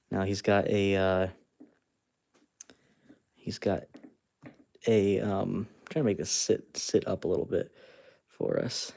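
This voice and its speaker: Male live-stream host, lowish voice, chatty and friendly, laughs easily, talks viewers through his craft. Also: creaky, mellow. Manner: chatty, laughs often, narrates while working with his hands; talks to fans and reads out chat. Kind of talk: casual live-stream commentary.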